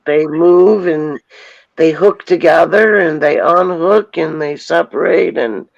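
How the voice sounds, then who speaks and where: Slow, gravelly-voiced woman guest. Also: low-pitched, dry recording, muffled recording. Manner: calm, explanatory and reassuring. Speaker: guest on a panel. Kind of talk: casual spiritual chat.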